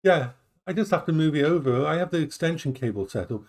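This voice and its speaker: A man chatting casually on a live stream from his home, often breaking into high baby talk for his dogs. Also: animated, fast, darkish tone.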